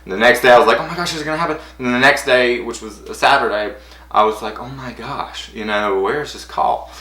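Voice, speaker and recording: A young man vlogging, telling a story in an excited, rambling way, full of "like" and acted-out quotes. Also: brisk, reverberant. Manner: breathless, rambling, acts out quotes in high squeals.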